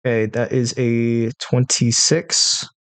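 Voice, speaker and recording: A man's voice: medium pitch, level tone, takes it slowly, fairly bright tone, no room sound. Give me a man narrating a tabletop game and tallying dice methodically, close and dry. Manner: methodical, counts rolls aloud. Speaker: game master.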